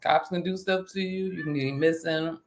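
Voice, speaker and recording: A woman hosting a casual chat, animated and talkative, laughing often. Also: deep voice, moderate pace, slight background noise. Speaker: vlog host.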